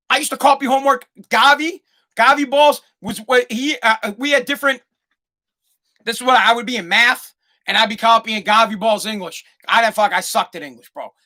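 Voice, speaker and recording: A middle-aged American man hosting a podcast, telling comedic stories in an animated, heavily profane way. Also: very high voice, a little fast. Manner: animated and profane, swears constantly. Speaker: podcast host.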